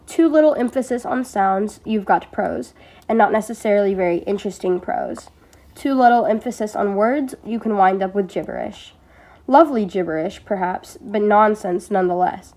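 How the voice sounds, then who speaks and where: A woman's voice: mid-range voice, normal speed, darkish tone. A teenage girl giving an amateur read-aloud of a nonfiction book, reading steadily but now and then stumbling and restarting a word. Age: teens. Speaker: reader.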